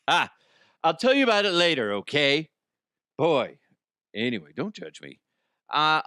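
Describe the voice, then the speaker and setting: Podcast host, man, smooth clear voice, rambling jokey delivery, dry close mic. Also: mid-range voice, fairly bright tone, dry recording. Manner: rambling, joking, laughs often. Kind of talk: comic news podcast chat.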